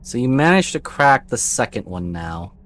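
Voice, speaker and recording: A man narrating as game master of a tabletop role-playing game, relaxed and at times slow and descriptive. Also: medium pitch, a little hiss or hum.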